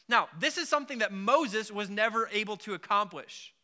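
A man preaching in a relaxed, conversational way, his voice high and very bright. He scatters filler words through his talk and slips into the voices of the people in the story. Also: normal speed, hardly any pauses. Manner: conversational, many filler likes, acts out biblical voices. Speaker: pastor. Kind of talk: casual sermon.

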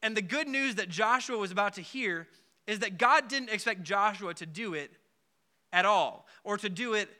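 Casual preacher guy, high bright voice, lots of "like", acts out the bible people. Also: moderate pace. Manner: conversational, many filler likes, acts out biblical voices. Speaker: pastor. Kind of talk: casual sermon.

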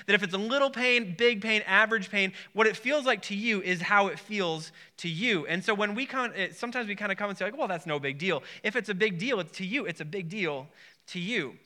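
High bright-voiced guy preaching, stumbles and repeats himself a lot. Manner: rambling, repeats words and restarts often. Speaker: pastor. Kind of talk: sermon.

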